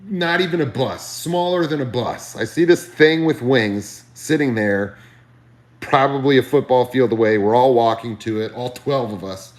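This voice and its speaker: A man on a live stream telling a comedic story, animated, ranting and swearing freely. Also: medium pitch, normal speed, echoey room.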